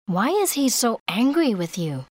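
A man's voice: very high voice, sing-song, unhurried, no room sound, studio quality, voice pushed up, exaggerated voice. Man voicing a bubbly teenage schoolgirl. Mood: chatty. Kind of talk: audiobook character voice.

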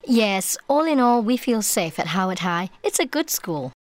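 Bubbly teen schoolgirl, high and bouncy, put on by a male narrator, dry close audiobook sound. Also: big pitch swings, moderate pace, no echo. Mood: chatty. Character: cheerful teenage schoolgirl. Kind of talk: audiobook character voice.

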